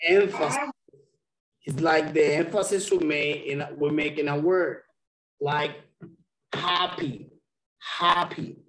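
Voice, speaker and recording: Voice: medium pitch, steady tone, measured pace, pauses often, echoey room, low-quality recording. An English teacher giving a one-on-one lesson over a video call, checking often that the student understands.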